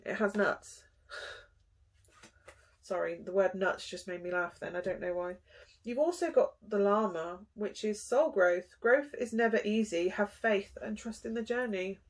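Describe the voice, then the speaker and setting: A young woman talks through a tarot reading in a casual, chatty way. Her voice sits at an ordinary middle pitch, and she breaks in with little sighs and gasps as she goes. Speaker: tarot reader.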